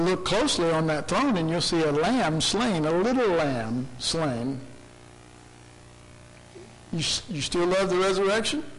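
Impassioned high-voiced male preacher. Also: poor audio. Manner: impassioned, dramatic, swinging from soft to loud. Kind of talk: sermon.

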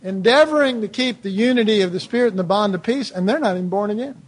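A man's voice: sits high, fast talker, slightly rough. A man preaching a sermon in a loose, conversational way, with lots of rhetorical questions and "you know"s.

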